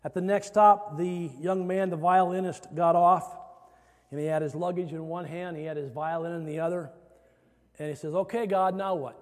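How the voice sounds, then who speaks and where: A male preacher with a high-pitched voice tells a sermon story, building dramatically toward loud emphasis. His voice carries the long reverb of a large hall. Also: steady tone, normal speed.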